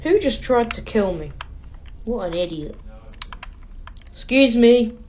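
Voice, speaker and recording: Excitable British woman playing games. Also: a little high, takes it slowly, long pauses, highs cut off. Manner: excitable and self-mocking. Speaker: gaming channel host. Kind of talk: gameplay commentary.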